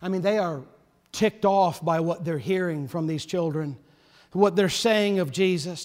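A man preaching a sermon, his voice pitched high for a man and rising with passion before falling to near-whispers. He sounds like a pastor in a church, with a long reverb trailing each phrase. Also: a little slow. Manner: passionate preaching, swelling loud then dropping soft.

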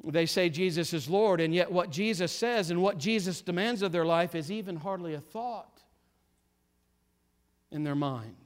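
A man preaching a sermon with fervent emphasis, repeating phrases and swinging between urgent force and hushed gravity. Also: high voice, moderate pace.

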